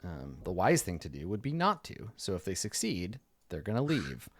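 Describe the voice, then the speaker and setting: A man's voice: low voice, huge pitch swings, normal speed, no echo. A man running a tabletop game as its dungeon master, talking loosely and conversationally and growing vivid when he describes a scene. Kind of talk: casual tabletop game narration.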